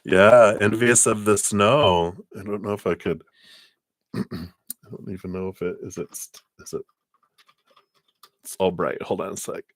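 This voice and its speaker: A man with a very deep voice talks through tarot cards on a live stream, easygoing and chatty. He laughs often and slips into quiet murmured asides. His voice sounds dry and close. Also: steady tone, measured pace, pauses often, dry recording. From Colorado. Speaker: tarot reader.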